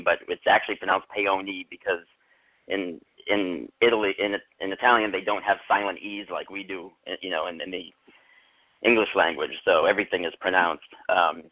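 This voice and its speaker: A man in his forties, a guest author, telling anecdotes in casual interview chat on a phone headset with a tinny sound. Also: low-pitched. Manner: chatty, anecdotal. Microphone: Bluetooth headset on a phone call.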